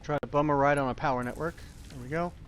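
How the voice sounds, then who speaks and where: Talking fast in a slightly high, somewhat bright voice over slight background noise, a young man plays a factory-building game. This gaming YouTuber rambles through casual tutorial commentary with self-deprecating remarks.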